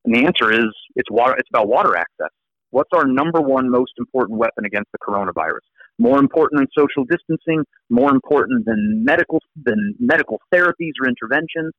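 A man with an American accent, a law professor guest telling stories in an animated, restarting way. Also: mid-range voice, fast talker, dry recording, highs cut off. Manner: animated, repeats words as he restarts. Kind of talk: casual storytelling interview.

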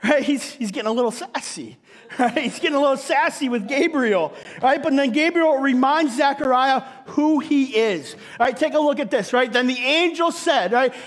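A man's voice: very high voice, normal speed. A male pastor preaching a sermon in a conversational, playful way, tagging his sentences with "right?". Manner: conversational, punctuates nearly every sentence with "right?"; playful, acts out scripture scenes. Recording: long reverb of a large hall.

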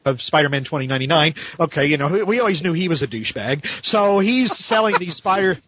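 A man's voice: a little high, expressive, fast talker, fairly bright tone, muffled recording. A man hosting a podcast, reviewing a comic book in a rambling, sarcastic way and laughing often. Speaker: podcast host.

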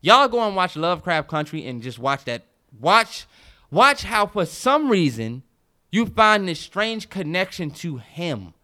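A man's voice: high-pitched, big pitch swings, measured pace, sharp tone. A man co-hosting a podcast, riffing in casual chat with emphatic, profane opinions. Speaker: podcast co-host.

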